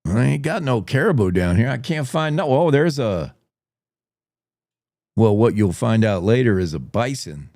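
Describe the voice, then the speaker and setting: A man's voice: mid-range voice, big pitch swings, a little slow, darkish tone, no room sound, studio quality. A man voicing a dim, easygoing male Canadian wolf, folksy and drawling.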